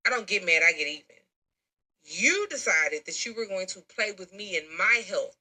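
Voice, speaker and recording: Bright-voiced blunt woman telling her story. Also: medium pitch, animated, normal speed, low-quality recording. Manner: blunt, emphatic, uses slang. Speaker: storyteller recounting her own experience. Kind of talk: recorded personal story.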